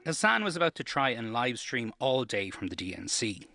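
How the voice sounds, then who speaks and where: A man's voice: mid-range voice, very animated, creaky, sharp tone. A man narrating a news report as scripted voice-over. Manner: measured narration. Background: music bed.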